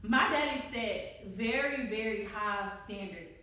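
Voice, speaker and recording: A young adult woman telling a personal story to listeners in a candid, animated way, often laughing and talking straight to them. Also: a little high, unhurried, far from the mic. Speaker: co-host. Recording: very echoey room, away from mic.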